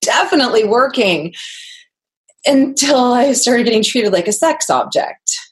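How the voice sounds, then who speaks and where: A woman's voice: a little high, animated, measured pace. A young adult woman as a podcast guest, candidly telling a personal story, earnest and laughing often.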